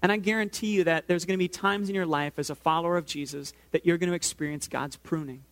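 A man's voice: on the high side, fairly even intonation, fast talker, a bit bright. A man in his thirties preaching a sermon as a pastor, conversational and storytelling, addressing the congregation directly.

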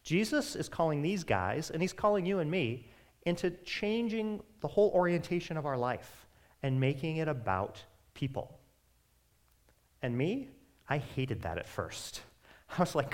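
Animated, lively-voiced male preacher. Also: a little high. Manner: conversational, animated preaching with quick asides. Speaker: pastor. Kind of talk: sermon.

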